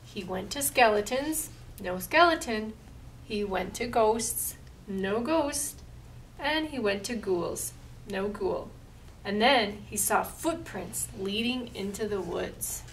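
A woman reads a picture book aloud for storytime, slow and expressive. Her voice is gravelly and pitched a little high. She sounds distant from the mic, with faint room noise behind her. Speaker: library storyteller.

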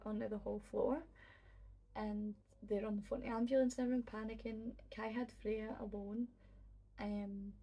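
Husky young woman, emotional. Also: mid-range voice, warm tone. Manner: emotional, halting, many fillers and restarts. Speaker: vlogger. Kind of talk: personal storytelling.

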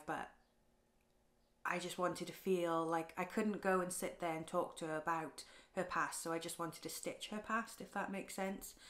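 Soft-spoken woman, chatty and tender. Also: fairly low pitch. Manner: soft, tender, chatty, with halting restarts and ums. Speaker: craft vlogger. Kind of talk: casual show-and-tell vlog.

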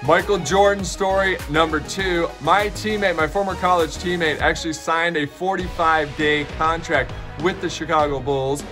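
A man's voice: on the high side, fairly even intonation, normal speed, hardly any pauses. Upbeat man storytelling over music. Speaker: host and keynote speaker. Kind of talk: casual storytelling to camera. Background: music bed.

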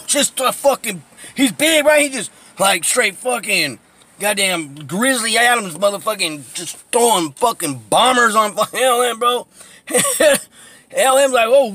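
This high-pitched man vlogs from his car with a phone camera, showing off his old neighborhood. He tells animated street stories while driving, cursing freely and laughing often.

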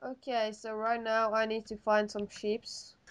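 A woman hosting a casual gaming commentary in a slightly high voice, talking slowly with lots of giggles. She yelps at game events, with a faint hiss behind her. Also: completely flat delivery. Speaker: host.

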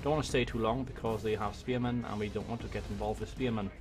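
A man from Wales with a Welsh accent, giving excitable let's-play commentary on a strategy game into a desk microphone, swearing and muttering to himself as he plays. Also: on the low side, fast talker, music in the background. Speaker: gaming YouTuber. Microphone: desk USB microphone.

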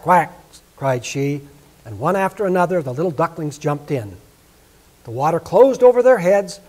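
A man reading a fairy tale aloud with expressive storytelling at a Sabbath service. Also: high-pitched.

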